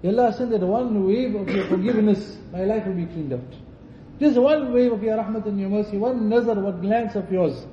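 A man's voice: high voice, normal speed, slight background noise. A man preaching a night sermon in a mosque during Ramadan, then leading a fervent pleading supplication with repeated invocations. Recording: distant echoey lo-fi mosque recording.

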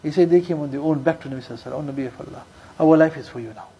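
An Islamic preacher with a slightly high, mellow, somewhat rough voice delivers a story-filled sermon in English, blending in Urdu and Arabic religious terms and repeating key lines for emphasis. He recites Quranic verses rapidly in Arabic, and the audio is dull.

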